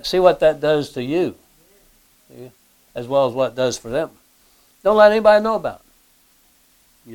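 Male pastor, fairly high voice, smooth and clear, conversational sermon, rhetorical questions, clears throat often. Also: a little mellow. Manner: plain conversational preaching, frequent throat-clearing and fillers; asks the listeners rhetorical questions.

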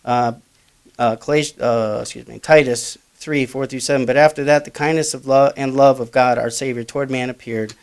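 A man's voice: mid-range voice, fairly even intonation, normal speed, clean tone. Man preaching and reading scripture. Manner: reads King James verses aloud with loud emphatic rises and quiet asides.

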